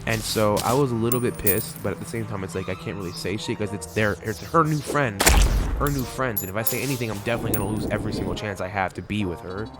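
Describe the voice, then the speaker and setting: A man's voice: fairly low pitch, fast talker. A young man telling a rambling, swear-filled personal story while playing a video game. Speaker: gaming channel host. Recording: loud background music.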